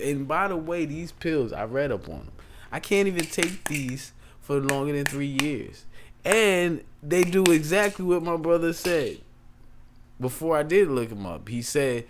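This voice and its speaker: A man's voice: fairly high pitch, animated, unhurried, slight background noise. A man hosting a casual tech tutorial, chatty and rambling, with features. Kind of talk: casual screen-share tutorial.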